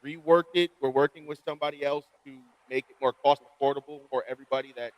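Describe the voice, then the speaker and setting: A man hosting a casual podcast chat, recalling events in a relaxed, rambling way. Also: medium pitch, quick pace, rough recording.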